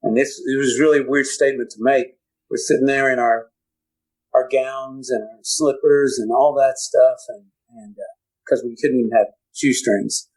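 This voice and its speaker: A man telling his own story as a podcast guest, halting and repeating words, at times choked up. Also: mid-range voice, fairly even intonation, a little mellow, low-quality recording. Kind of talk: personal storytelling.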